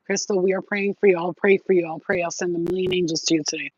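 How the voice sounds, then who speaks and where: A woman's voice: lowish voice, flat delivery, fast talker, darkish tone, no echo. A woman hosting a spiritual livestream, chatting casually with viewers in a rambling, affectionate way, with lots of fillers and casual swearing. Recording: dull, dry lo-fi sound.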